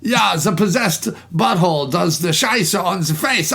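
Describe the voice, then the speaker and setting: A man's voice: high voice, lively intonation, measured pace, vocal fry, fairly bright tone, husky. A man hosting a podcast, chatting casually and going off on joking, rambling tangents. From England. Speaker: podcast host. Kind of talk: casual chat.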